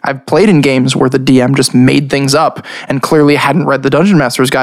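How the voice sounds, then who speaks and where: A man hosting a tabletop game podcast, chatting casually in a rambling, animated way and laughing often. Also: medium pitch, fairly quick. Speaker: podcast host and dungeon master.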